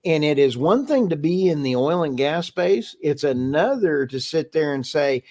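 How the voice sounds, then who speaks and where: A man co-hosting a podcast, his voice pitched a little high, ranting hard about things that drive him nuts. He pushes his points with heat, then apologizes for getting carried away. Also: sing-song, moderate pace, a little mellow. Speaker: podcast co-host. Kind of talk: casual chat.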